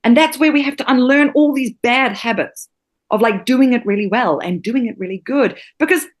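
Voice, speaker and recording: A woman's voice: fairly high pitch, moderate pace. A woman from New Zealand, a podcast guest who teaches acting, talking with passion and emphasis and swearing freely. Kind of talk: podcast interview.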